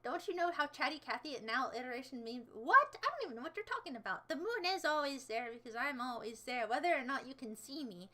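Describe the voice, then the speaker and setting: Bright, high-voiced woman streamer rambling. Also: animated, fast, hardly any pauses. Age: young adult. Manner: rambling, playful, dramatic outbursts. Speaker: livestreamer. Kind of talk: casual livestream chat.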